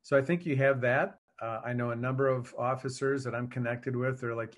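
A man in law enforcement answering interview questions in an earnest, measured way. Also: mid-range voice, steady tone. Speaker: law enforcement officer, guest.

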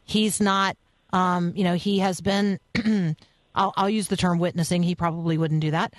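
A woman's voice: fairly low pitch, steady tone, normal speed, no echo. A woman hosting a radio interview in a studio, friendly and reading out promos and listener requests. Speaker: radio host.

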